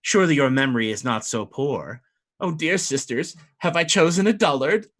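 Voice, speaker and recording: A man's voice: a little high, animated, normal speed. A man voicing a haughty, teasing female mermaid fey who calls her betrothed a dullard. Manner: mocking, coquettish.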